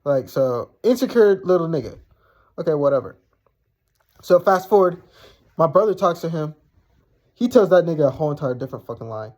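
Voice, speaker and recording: A man's voice: a little high, lively intonation, a little fast, pauses often, darkish tone. A young man casually telling a personal story, blunt and profane, rambling with lots of fillers.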